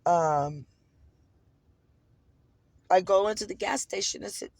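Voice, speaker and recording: A woman's voice: lowish voice, a little slow, long pauses, a little mellow, breathy edge, dry recording. Indignant, foul-mouthed woman ranting. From United States. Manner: heavy swearing, heated and indignant. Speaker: vlogger. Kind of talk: casual storytelling rant.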